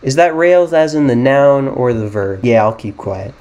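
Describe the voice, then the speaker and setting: A man's voice: mid-range voice, lively intonation, moderate pace, a little mellow, highs cut off. A young American man giving casual, self-mocking commentary as he plays a geography guessing game, rambling and thinking aloud. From United States. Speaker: gaming YouTuber.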